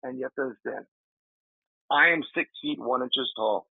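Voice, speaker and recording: A man, a paranormal investigator, telling an animated story in a casual interview, acting out his friend's shouts. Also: mid-range voice, normal speed, creaky, breathy edge, no echo. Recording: dry tinny remote call audio.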